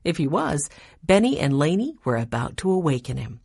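Husky low-voiced woman reading a story. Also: normal speed, no room sound, clean studio sound. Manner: expressive. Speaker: narrator. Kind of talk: storybook narration.

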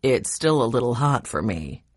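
Calm kindly grandpa, read by a woman, deep steady voice, dry close mic. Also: moderate pace, breathy edge, no room sound, heavily acted. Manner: lowered, steady voice.

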